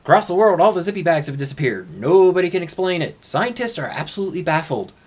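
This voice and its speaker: A man's voice: on the high side, big pitch swings, fast talker, breathy edge, pitched above the performer's own voice. A man voicing a dramatic male TV news anchor with urgent, announcer-style delivery, on a handheld camera's built-in mic.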